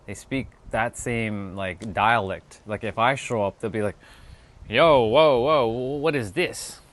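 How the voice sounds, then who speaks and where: A man's voice: lowish voice, a bit bright. A man from North America, chatting casually with viewers on a livestream while making a hot drink. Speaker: livestream host.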